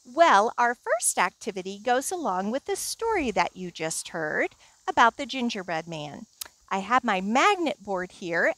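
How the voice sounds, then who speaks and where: A woman librarian reading a fairy tale aloud and leading children's storytime outdoors, slow and expressive. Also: a little high, rough recording.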